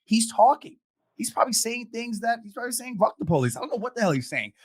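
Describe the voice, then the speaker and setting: A man's voice: very high-pitched, expressive, husky. A man hosting an online discussion show, talking with feeling and stumbling over repeated restarts. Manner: impassioned, halting with repeated restarts. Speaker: podcast host. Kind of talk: emotional casual discussion. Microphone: video call.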